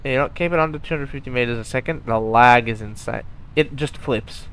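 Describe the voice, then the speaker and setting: A man's voice: mid-range voice, fairly quick, fairly bright tone, slight background noise. A man giving live commentary over a space game, talking straight to his viewers, by turns muttering and exclaiming in exasperation. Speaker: gaming YouTuber.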